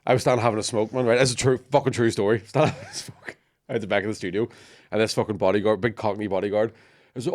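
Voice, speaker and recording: A man, a comedian guest, telling sweary, animated stories in casual chat. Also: lowish voice, racing.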